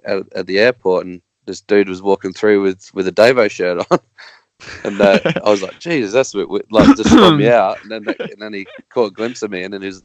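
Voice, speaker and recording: An Australian man, a guest racer, chatting casually on a podcast in a halting, rambling way with many restarts. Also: fairly low pitch, no room sound.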